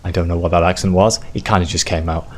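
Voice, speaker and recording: A man's voice: low-pitched, fairly even intonation, fast talker, a little hiss or hum. A man playing a video game, reading its text aloud expressively and chatting in a self-deprecating way. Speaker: video game let's player.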